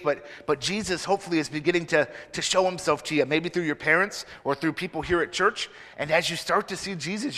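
A man's voice: a little high, sharp tone. A man giving a children's sermon in a church, playfully asking the children many questions. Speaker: children's minister. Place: church sanctuary. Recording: reverberant church hall.

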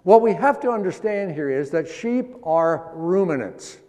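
A man preaching a sermon, explaining scripture line by line in a folksy, teaching way and slowing down to stress the verses. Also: high voice, animated, dark tone, long reverb tail. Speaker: pastor.

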